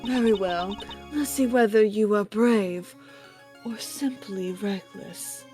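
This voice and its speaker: A woman's voice: medium pitch, warm tone, soft background music, lightly acted. A woman reading as a stern formal judge. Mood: imperious. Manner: formal, measured, dramatic. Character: stern formal female judge-prosecutor, imperious. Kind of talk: reading game dialogue aloud on a stream.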